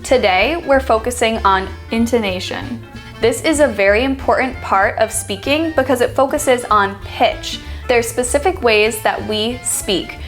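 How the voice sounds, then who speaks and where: Woman teacher w a slightly high voice, explains intonation slow and clear, reads example lines. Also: faint music behind. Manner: clear, deliberate, demonstrates example sentences. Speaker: accent reduction teacher. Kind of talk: scripted instructional lesson.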